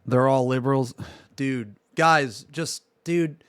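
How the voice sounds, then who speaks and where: A man's voice: medium pitch, slow, clear, resonant tone, no echo, clean studio sound. A man streaming live, reacting to a video and ranting at his chat with lots of swearing. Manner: profane exasperated ranting at chat.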